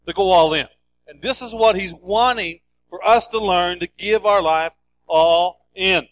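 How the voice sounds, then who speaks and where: A man's voice: sits high, measured pace, dry recording. A male pastor preaching a sermon in an emphatic, repetitive style.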